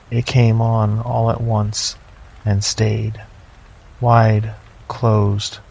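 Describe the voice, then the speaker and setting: Middle-aged male horror narrator, deadpan, low gravelly voice, faint background hiss. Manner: slow, measured, deadpan. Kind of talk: first-person horror narration. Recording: slightly dull lo-fi, faint noise.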